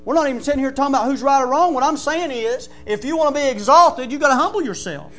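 A male pastor, preaching a folksy sermon that builds into shouting. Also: extremely high pitch, quick pace, faint music behind.

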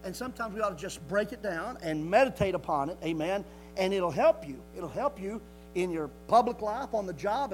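A man's voice: high-pitched, animated, brisk, a little mellow, soft background music, rough recording. A man preaching a sermon. He reads scripture aloud and builds fervor through repeated phrases. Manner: reads scripture aloud in old-fashioned wording.

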